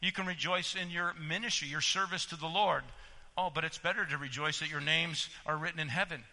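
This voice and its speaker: A male pastor preaching a sermon in a church, exhorting his listeners and swinging between loud emphasis and hushed asides. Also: fairly high pitch, fairly even intonation, brisk. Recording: long reverb of a church hall.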